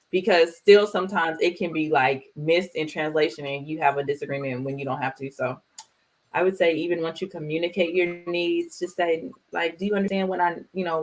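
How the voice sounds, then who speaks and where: A woman co-hosting a casual chat, telling stories in a lively way and acting out the quotes. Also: deep voice. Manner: animated storyteller, acts out quotes loudly. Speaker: podcast co-host.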